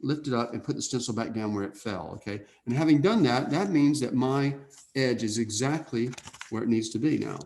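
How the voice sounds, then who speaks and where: A man teaching an airbrush painting lesson in a relaxed way, thinking out loud and often checking in with "okay?". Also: mid-range voice, fairly quick. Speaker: art instructor. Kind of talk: casual painting demonstration.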